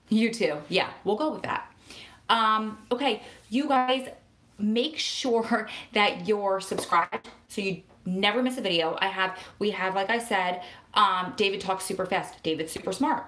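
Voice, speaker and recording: Her voice sits in the mid range as she rattles off a rambling, excitable live-stream chat, talking fast in her New Jersey way. She's a vlogger and prison wife advocate, recorded in an echoey room with a faint hiss or hum.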